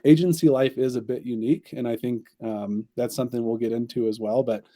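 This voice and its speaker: A man's voice: mid-range voice, fairly even intonation, fairly quick, dark tone, no echo. A man, a company chief executive, answering interview questions at length in an upbeat way. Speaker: agency CEO, podcast guest.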